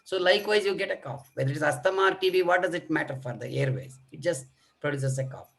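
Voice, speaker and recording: A middle-aged pediatric lecturer, fairly high-pitched and creaky, moves at a quick pace through an online medical session on children's coughs, demonstrating them and scattering many fillers throughout.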